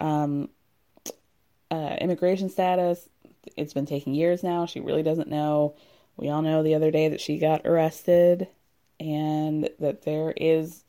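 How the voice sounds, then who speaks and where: A woman's voice: sits low, dark tone. A woman giving casual, sardonic commentary as she recaps a reality show. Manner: sardonic, chatty, exasperated.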